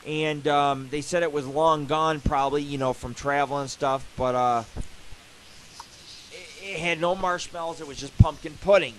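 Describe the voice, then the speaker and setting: A man hosts a live internet radio show in a rambling, foul-mouthed comic rant. His voice sits a little high for a man. A faint hiss runs under the recording. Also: fairly even intonation, normal speed, fairly bright tone, poor audio. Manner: profane, rambling, joking.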